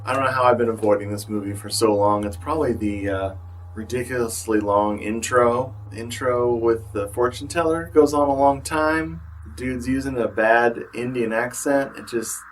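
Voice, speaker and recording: With slight background noise and his voice a bit far from the mic, a man speaks at medium pitch and normal speed with fairly even intonation. Tired and a little bloated, he reviews movies in a casual vlog, rambling, wry and self-deprecating, with many fillers.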